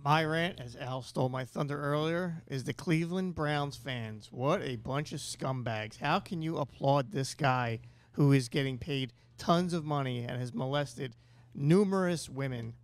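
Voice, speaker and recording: A man's voice: mid-range voice, unhurried. Indignant man giving a sports rant. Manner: angry, indignant. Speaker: podcast panelist.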